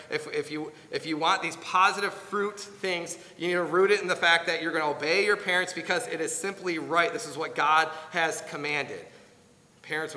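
A man preaching a sermon in an earnest, pleading way, slowing down to stress key words. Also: fairly high pitch, bright, forceful tone, long reverb tail. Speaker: pastor.

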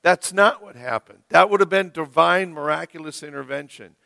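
A man preaching a sermon as the pastor of a church, slow and emphatic, leaning hard on key words. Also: fairly high pitch, vocal fry. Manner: slow, emphatic preaching with rising, loud stresses. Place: church sanctuary. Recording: long reverb of a church hall.

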